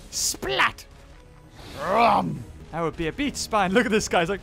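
A man hosting a gameplay video, with playful, excitable commentary, laughing and yelping at the action. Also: high-pitched, takes it slowly, vocal fry, over music. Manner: playful, laughs and yelps at the game. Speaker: gaming video host.

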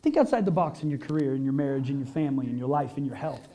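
A man's voice: mid-range voice, very fast, dark tone. A male pastor preaching a conversational sermon to a congregation, full of rhetorical questions and emphatic peaks.

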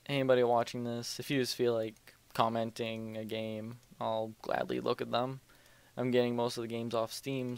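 A man's voice: medium pitch, creaky, smooth. A young man casually commentating his gameplay at home, rambling, joking and muttering to himself as he plays. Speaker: let's play host. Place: home room at night.

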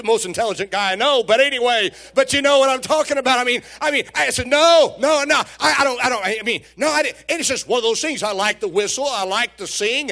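A man's voice: high-pitched, bright, forceful tone. A man preaching a sermon in a church, telling folksy stories, joking with the congregation and often repeating his words. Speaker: pastor. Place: church sanctuary.

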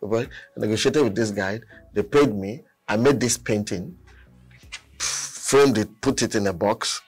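A man, a painter telling a story as a guest, animated and laughing often. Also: on the low side, measured pace, slightly rough, soft background music. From Nigeria. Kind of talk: storytelling in a chat.

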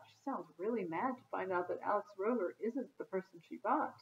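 A woman teacher reading a chapter book aloud to young children, gently stopping to ask them questions and explain. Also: medium pitch, fairly quick, gravelly, hardly any pauses, dull audio. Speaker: kindergarten teacher. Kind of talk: storytime read-aloud.

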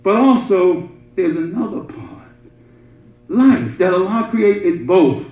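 High-voiced preacher in an echoey hall. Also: male voice, expressive, takes it slowly, faint music behind. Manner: conversational, laughing asides, rising to shouted emphasis. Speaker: imam giving the Friday sermon. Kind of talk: Friday sermon. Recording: echoey muffled room recording.

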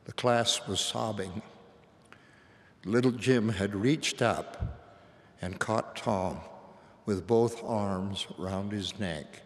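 An older man gives a sermon with slow, solemn reverence and a fairly low voice. His words carry a long reverb from a large hall. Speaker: church leader.

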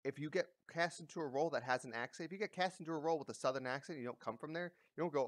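A man's voice: a little high, very fast, few pauses, no echo. A man giving casual ranting commentary, blunt and profane, with many fillers and restarts. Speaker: commentary vlogger.

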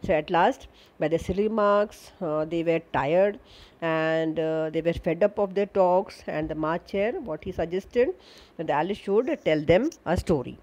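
A woman teacher with an Indian English accent and a somewhat low voice reads a children's story aloud to her class. She stops often to repeat lines and explain word meanings, filling pauses with frequent "uh" and "okay.". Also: darkish tone, poor audio.

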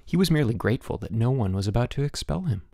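Guy reading an audiobook, gravelly voice, lively ups and downs. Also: medium pitch, racing, dry recording, clean studio sound. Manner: expressive storytelling. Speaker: audiobook narrator. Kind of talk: scripted narration.

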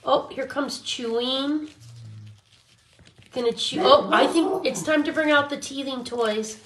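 A woman's voice: high-pitched, unhurried. Cooing woman in an echoey room. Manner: cooing baby talk to the dogs. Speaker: dog rescue volunteer. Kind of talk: casual vlog filming puppies. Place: indoor room with dogs. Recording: echoey room, faint background noise.

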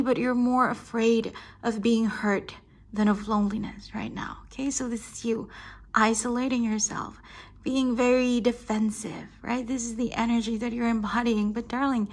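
Woman tarot reader with a higher voice, soothing and affectionate, laughs often and calls the listener darling. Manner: affectionate, keeps saying darling and right. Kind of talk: tarot reading addressed to the viewer.

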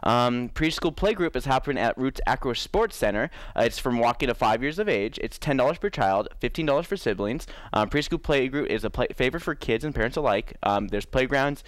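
A man's voice: mid-range voice, animated, brisk, few pauses, dry recording. A man hosting a local morning show, reading event listings in a casual way with many fillers.

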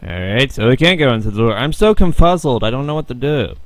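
A young man doing let's play commentary, with loud, swearing outbursts and frustrated rants, on a close desk mic. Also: medium pitch, animated, quick pace, very noisy. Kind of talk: game commentary.

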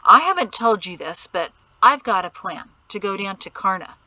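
A woman's voice: mid-range voice, expressive, normal speed, bright, forceful tone, dry recording, poor audio. A woman voicing a headstrong young adult son who argues back in a raised, insistent voice. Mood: defiant.

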